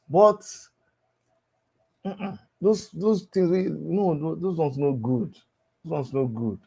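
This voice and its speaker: A Nigerian man in his fifties delivers a mocking monologue in lively, Pidgin-flavored speech, laughing between lines. His voice sits a little high.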